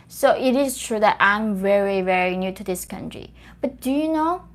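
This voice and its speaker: A young woman from North Korea, a native Korean speaker, talking earnestly to an audience in English and often repeating and restarting phrases. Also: on the high side. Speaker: host.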